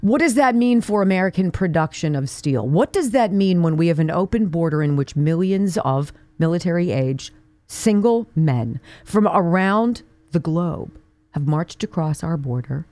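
A woman's voice: lowish voice, expressive, moderate pace, mellow, no echo. A woman hosting a talk radio show, delivering an indignant opinion monologue full of rhetorical questions. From Pittsburgh area.

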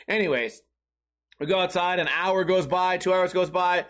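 A man with a rather high voice tells crude, profanity-laced stories as a podcast host. He rambles from one bit to the next, laughs at his own jokes, and jumps into the voices of the people in his stories. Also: fairly even intonation, moderate pace, a bit bright. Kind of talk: comedic storytelling monologue.

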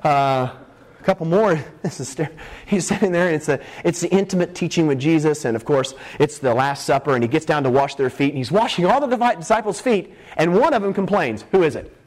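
A man preaching a humorous sermon, retelling Bible stories and acting out the characters in quick playful voices. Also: on the high side, lively intonation.

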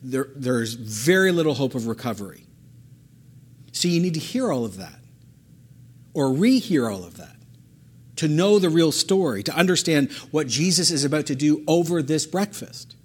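A male pastor preaches with emphatic, repeated phrases. His voice is husky and pitched on the higher side. He leans hard on key words. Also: expressive, moderate pace, a little mellow. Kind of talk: sermon.

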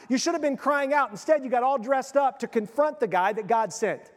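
High-voiced preacher in an echoey hall. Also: male voice, fairly quick, hardly any pauses. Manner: conversational, emphatic preaching. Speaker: pastor. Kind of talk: sermon.

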